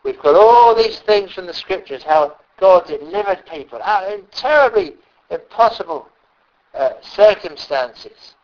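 A man preaching a sermon, often pausing and repeating words as he stresses a point. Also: high voice, expressive. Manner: halting, repeats words, emphatic. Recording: dull lo-fi recording.

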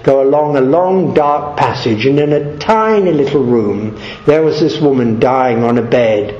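A man's voice: mid-range voice, a little slow, darkish tone, roomy sound, highs cut off, pitched below the performer's own voice, lightly acted. A man voicing an English clergyman who tells his own story earnestly in the first person. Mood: solemn. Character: proud English clergyman, middle-aged, later humbled.

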